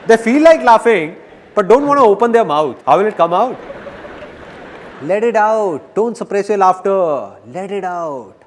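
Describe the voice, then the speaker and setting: A man giving a dubbed motivational seminar talk, speaking to the audience in an animated and playful way. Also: sits high, measured pace, a little hiss or hum.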